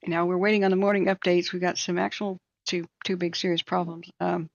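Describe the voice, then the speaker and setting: A woman's voice: on the low side, little pitch movement, fairly quick, vocal fry, no room sound, dull audio. A woman hosting a live stream, chatting casually and telling rambling anecdotes with plenty of fillers. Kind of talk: casual chat and storytelling.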